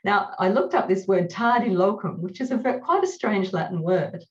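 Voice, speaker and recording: A woman scholar explaining a Latin word with enthusiasm, often laughing between phrases, in a relaxed podcast chat. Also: medium pitch, normal speed, dull audio. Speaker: classics scholar guest. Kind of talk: conversational podcast discussion.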